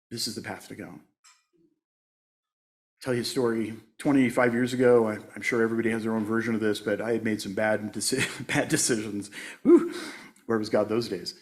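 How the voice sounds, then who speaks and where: A man in his sixties giving a conversational sermon as a guest speaker at a church, joking at his own expense and laughing often. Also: lowish voice. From United States. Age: 60s. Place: church sanctuary.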